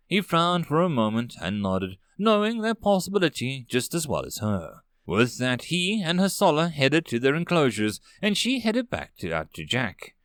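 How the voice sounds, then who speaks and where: Animated man narrating a sci-fi story. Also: fairly high pitch, moderate pace, hardly any pauses, no room sound, studio quality.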